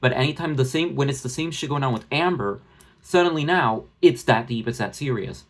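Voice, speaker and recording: Brisk and mid-range, a man's voice delivers blunt, profane, rambling commentary about an online creator. He's a drama commentary vlogger, recording the rant on his phone.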